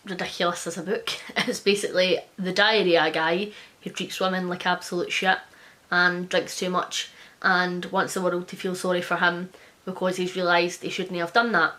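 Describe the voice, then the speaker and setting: A woman book reviewer in a casual vlog, blunt, sarcastic and sweary, who reads quoted reviews out fast and quietly. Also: lowish voice.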